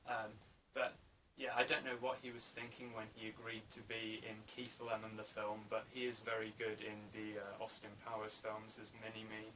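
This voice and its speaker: A man's voice: lowish voice, monotone, normal speed, few pauses, bright, forceful tone. Hesitant man reviewing a film. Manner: hesitant, many fillers and restarts. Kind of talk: casual spoken film review. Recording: distant mic, faint room noise.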